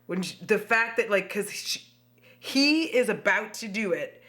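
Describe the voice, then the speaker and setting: A woman's voice: medium pitch, expressive, unhurried, fairly bright tone. A woman vlogging at home, chatting expressively while doing her makeup and swearing freely. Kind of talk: casual chat to camera.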